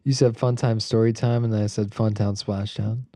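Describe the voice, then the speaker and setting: A man co-hosts a podcast, dropping in dry, joking questions. His voice is mellow and dark, recorded close with no room sound. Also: on the low side, fairly even intonation, normal speed, no room sound. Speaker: podcast co-host. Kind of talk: casual podcast banter.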